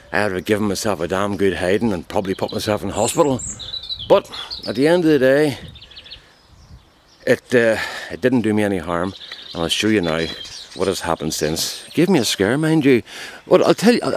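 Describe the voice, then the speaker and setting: A man tells a comic tale straight to a handheld camera in a mock-serious, deadpan way. His voice sits at an ordinary middle pitch. He is recorded outdoors in a garden, with birds chirping and a faint noise behind him. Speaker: vlogger. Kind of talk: casual comic storytelling to camera.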